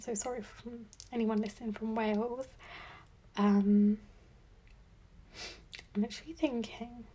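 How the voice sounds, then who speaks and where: Young woman with a husky voice. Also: mid-range voice, darkish tone. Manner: chatty, thinking aloud with many likes and ums. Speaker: podcast host. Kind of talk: casual solo podcast chat.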